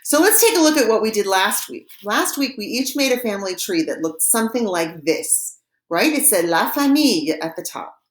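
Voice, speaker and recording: Woman, teacher, patient, slow repetitions, lively pitch, roomy echo. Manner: patient, repeats each word slowly for practice. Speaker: French teacher. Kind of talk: recorded vocabulary lesson.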